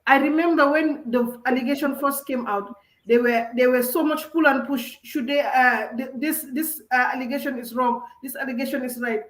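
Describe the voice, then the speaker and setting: A woman arguing passionately in a discussion, emphatic and forceful, slipping into Wolof phrases. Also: sits high, steady tone, normal speed, reverberant, poor audio. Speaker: discussion panelist.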